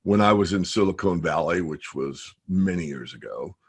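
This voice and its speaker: A man with a low, husky voice talks animatedly as a guest on a trading webinar. He tells stories and makes his points with emphasis. The audio comes through a webinar call. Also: expressive, moderate pace. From United States. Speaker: guest trader. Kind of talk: casual interview.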